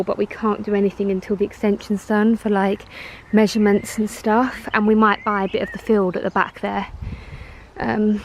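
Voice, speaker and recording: A young woman talks casually to the camera in a vlog. Her voice sits at a middle pitch and drifts from gushing delight to a hushed, subdued tone. A faint background noise hums under her voice. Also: low-quality recording. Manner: gushing, breathy and excitable, then hushed and subdued. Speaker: vlogger.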